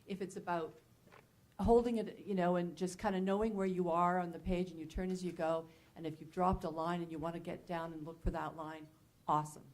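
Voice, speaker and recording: A woman who works in casting, giving measured and firm advice about how to audition. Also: on the low side, flat delivery, darkish tone. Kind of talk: candid advice talk.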